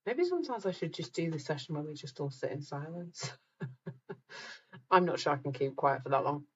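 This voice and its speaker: A woman's voice: sits low, animated, moderate pace, highs cut off, slight background noise. A middle-aged woman hosting a live group talk, chatting casually with viewers, reading out their comments and laughing at herself.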